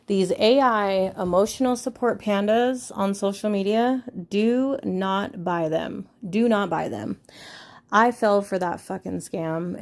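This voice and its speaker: A woman's voice: mid-range voice, darkish tone. A woman in her thirties hosting a podcast, talking frankly and rambling in casual chat, with frequent swearing. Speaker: podcast host.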